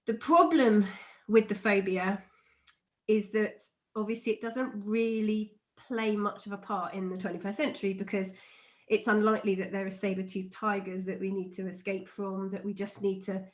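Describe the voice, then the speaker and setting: A middle-aged woman, an NLP trainer, explaining a method and telling a personal story in a chatty, animated way, laughing often. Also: mid-range voice, moderate pace. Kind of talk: teaching explanation with personal anecdote.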